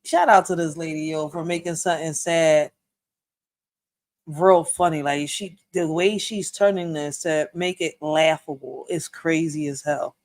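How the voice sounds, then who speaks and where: A woman's voice: sits low, steady tone, unhurried, a little mellow. A woman hosting a reaction video, chatting in a slangy, casual way straight to her viewers.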